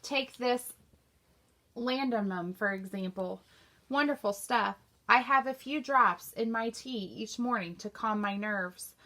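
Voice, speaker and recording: A woman's voice: on the high side, unhurried, pushed and bright. A woman reading a novel aloud, voicing a pompous, portly male doctor in a lofty, lecturing manner. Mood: condescending.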